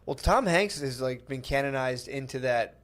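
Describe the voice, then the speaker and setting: A man's voice: medium pitch, moderate pace. A man co-hosting a casual comedy podcast, joking loosely and swearing often.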